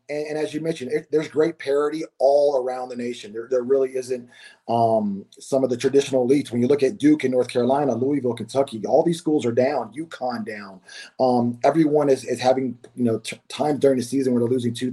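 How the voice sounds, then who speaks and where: A man with a mellow, warm voice guests on a podcast. He chats casually and often repeats words as he gathers his thoughts. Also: medium pitch, a little fast, breathy edge. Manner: relaxed, repeats words while thinking. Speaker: guest, former college basketball player. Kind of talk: casual interview.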